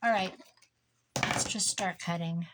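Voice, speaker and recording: A woman's voice: fairly low pitch, slow, heavy background noise. A tired woman chatting casually to herself and her viewers while crafting at home, muttering and joking at her own expense. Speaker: crafting vlogger.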